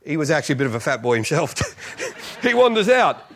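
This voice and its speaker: A man's voice: on the high side, very animated, a little fast, a bit bright. A male pastor preaching a sermon as a comic, self-mocking story, often laughing through his lines.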